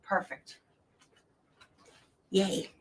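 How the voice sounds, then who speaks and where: A woman hosting a quilting show, chatting casually to viewers and herself as she sorts her craft room. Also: drawn-out words. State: out of breath at times. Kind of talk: casual chat while tidying. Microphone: earbuds.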